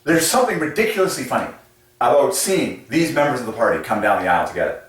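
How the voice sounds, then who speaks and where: Animated man in an echoey room. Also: medium pitch, quick pace. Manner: animated, chuckles often, playful asides. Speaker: channel host presenting number patterns. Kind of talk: casual explanatory monologue. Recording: echoey room, mic set at a distance.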